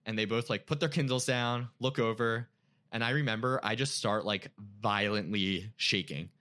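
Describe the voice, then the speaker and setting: A young man with a low but bright, forward voice shares a heartfelt personal story in casual talk. He leans on "like" constantly and sounds openly emotional. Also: normal speed. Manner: emotional, frequent "like" fillers. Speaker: guest.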